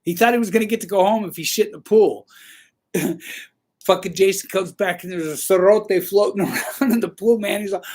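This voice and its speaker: A man's voice: sits high, normal speed, slightly rough. A man hosting a casual livestream, telling rambling, profane stories with a laugh now and then. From Southern California. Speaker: livestream host.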